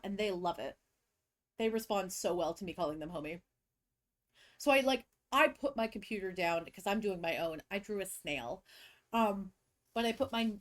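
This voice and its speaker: A young woman co-hosting a podcast with a stuffy cold, telling animated stories about her students and acting out their voices. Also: medium pitch. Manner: animated storyteller who acts out kids and teachers. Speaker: podcast co-host, teacher. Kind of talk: casual chat, storytelling.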